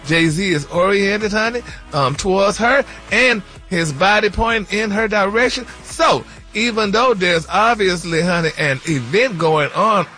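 A man's voice: high voice, animated, a little slow, hardly any pauses, sharp tone, soft background music. A man hosting a playful gossip segment, calling everyone honey and baby. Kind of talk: playful radio show banter.

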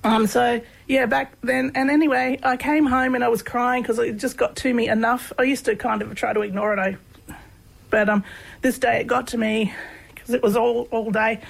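Gravelly-voiced Australian woman telling stories. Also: a little high, moderate pace, rough recording. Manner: relaxed, many fillers, laughs while telling stories. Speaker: guest, humour researcher. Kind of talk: conversational storytelling.

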